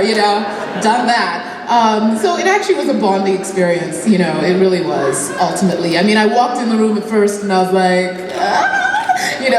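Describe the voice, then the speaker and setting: A woman with a medium-pitched voice, an actor on a fan convention panel, tells casual anecdotes in a chatty way, with lots of fillers and frequent laughter. She's recorded from far off in a large, echoey indoor convention hall with ambient noise.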